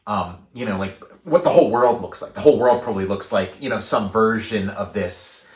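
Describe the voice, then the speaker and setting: A man's voice: on the low side, brisk. A man co-hosting a podcast, chatting casually about a film with lots of fillers and restarts. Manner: rambling, many fillers, animated acted-out quotes. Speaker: podcast co-host. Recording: roomy echo.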